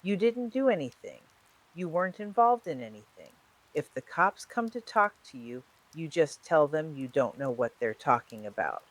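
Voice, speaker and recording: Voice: mid-range voice, animated, moderate pace, natural voice. A narrator reading the lines of a desperate, guarded woman on a phone call in a true-crime story, by turns pleading and defensive.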